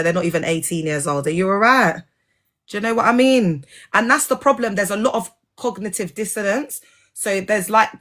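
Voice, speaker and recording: A woman's voice: lowish voice, a bit bright. Frank, rambling woman vlogger. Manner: rambling, frank, sarcastic, asks the listener often. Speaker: vlogger and former church member. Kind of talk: casual monologue.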